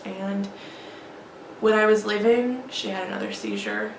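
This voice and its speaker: A woman vlogger telling an emotional personal story in a halting, grieving way. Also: medium pitch, big pitch swings, gravelly. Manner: halting, grieving, many restarts and fillers. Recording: echoey room with faint background noise.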